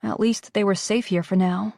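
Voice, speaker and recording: Calm woman narrating an audiobook. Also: medium pitch, normal speed, creaky, dry recording, clean studio sound. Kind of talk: scripted narration.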